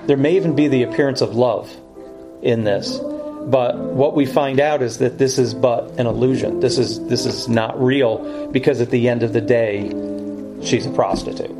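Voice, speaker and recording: A man's voice: mid-range voice, moderate pace, music in the background, low-quality recording. A man teaching through Bible verses in a sermon style, earnest and explanatory, often correcting himself as he goes.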